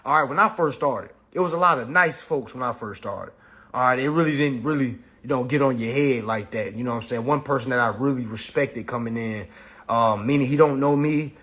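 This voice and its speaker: A man teaching and mentoring, talking casually to his viewers in a blunt, profane, animated way. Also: medium pitch, a little fast, breathy edge. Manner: blunt, profane, animated, keeps saying "all right".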